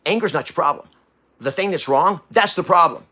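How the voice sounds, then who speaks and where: Male podcast host, fairly high voice, blunt preachy delivery, swings from hush to loud. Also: fairly quick. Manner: coarse language, blunt. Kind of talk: motivational talk.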